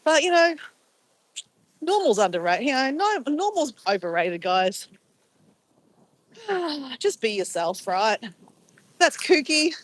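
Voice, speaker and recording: A woman's voice: high voice, very animated, slow pace, pauses often, dry recording, rough recording. A middle-aged woman chatting casually on a live stream from a phone held at arm's length, playful and giggly as she exclaims over camera filters. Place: outdoors near a beach.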